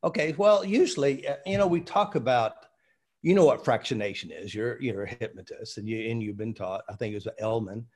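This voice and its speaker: A middle-aged man with a husky, slightly breathy voice at an ordinary pitch. He talks as a seminar trainer, explaining through animated anecdotes peppered with casual fillers. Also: a little fast. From United States. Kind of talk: conversational storytelling explanation.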